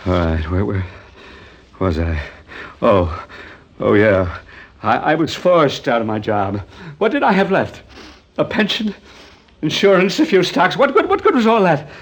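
An actor playing a paranoid, bitter older man who rants and stammers, lurching between loud outbursts and hushed mutters, in a radio drama. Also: medium pitch, big pitch swings, measured pace. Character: bitter paranoid old man, armed, hoarding.

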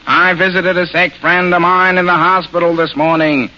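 A man impersonating a sour, deadpan male comic actor in a flat nasal voice, on a dull old radio broadcast. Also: high voice, normal speed.

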